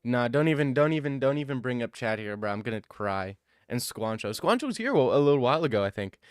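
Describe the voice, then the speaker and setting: Young adult man, live streamer, laid-back rambling chat, smooth clear voice, dry close sound. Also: medium pitch, lively intonation, quick pace, no echo. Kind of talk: casual chat reading live chat.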